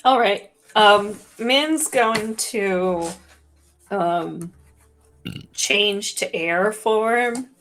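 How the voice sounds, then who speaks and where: A woman's voice: medium pitch, drawn-out words, fairly bright tone. A woman playing a tabletop role-playing game, giggly and hesitant with fillers. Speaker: player. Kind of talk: casual tabletop play. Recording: faint music behind.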